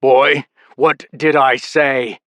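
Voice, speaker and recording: A ruthless crime-family patriarch, played by a man with slow, menacing threats and a voice pushed high and loud. His rage comes through in sudden shouts. The voice sounds dry and close. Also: flat delivery, dry recording. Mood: furious menace.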